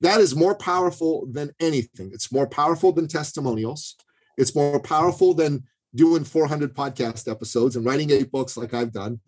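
A man's voice: fairly high pitch, normal speed, darkish tone, slightly rough, rough recording. A man speaking as a guest in a podcast interview, coaching listeners on sales in an emphatic, pushy way with many asides and restarts.

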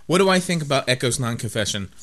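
A man's voice: medium pitch, lively intonation, fast talker, fairly bright tone, a little hiss or hum. A man in the middle of his range, hosting a talk podcast. He rambles through his thoughts in loose casual chat and pokes fun at himself as he goes. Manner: rambling, self-mocking, jokey. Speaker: podcast host.

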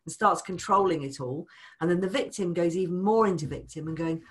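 A woman talking as a money coach in a casual chat, animated, acting out people's voices and swearing casually. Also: lowish voice, a little fast.

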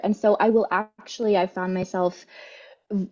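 A woman's voice: medium pitch, little pitch movement, moderate pace, pauses often, darkish tone. A young woman talking candidly as a podcast guest, with lots of fillers and little laughs. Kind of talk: casual chat. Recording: dull, lo-fi sound.

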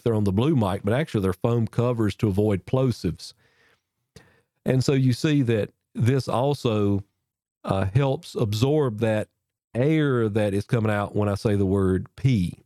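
A podcast host with a warm tone talks casually to camera about microphone technique, demonstrating on a foam-covered mic mounted on a boom arm near his face. His folksy delivery is full of repeats and restarts. The recording is dry and cleanly studio-made.

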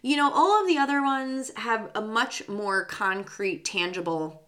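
A woman's voice: a little high, measured pace, sharp tone. A young adult woman hosting a spiritual podcast as a psychic medium, talking in a chatty, bubbly way with lots of fillers. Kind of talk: casual chat.

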